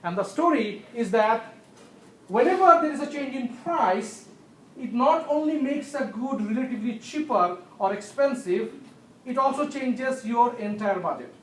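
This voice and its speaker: A man's voice: extremely high pitch, expressive, unhurried, distant mic, slight background noise. A man giving an economics lecture. He repeats the key points, checks that everyone follows, and coughs now and then. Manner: occasional coughs. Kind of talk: recorded classroom lecture. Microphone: tablet screencast recording. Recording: roomy echo, voice away from mic.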